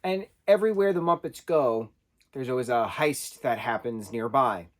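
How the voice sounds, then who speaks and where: A man with a mid-range voice gives a casual spoken film review at a normal speed. He's conversational and loosely rambling, correcting himself as he goes.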